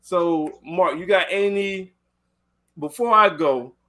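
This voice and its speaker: A man's voice: high-pitched, slow, bright, forceful tone. A man hosting a casual podcast chat, retelling a video in a loose, rambling way. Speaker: podcast host.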